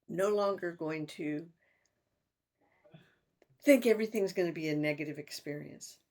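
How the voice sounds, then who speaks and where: An older woman in a personal vlog, talking in a halting, reflective way with sighs and restarts. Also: on the low side. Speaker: vlogger.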